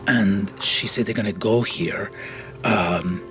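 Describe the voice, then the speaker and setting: Halting man narrating as game master. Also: fairly low pitch, over music. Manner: halting, full of restarts, animated when describing action.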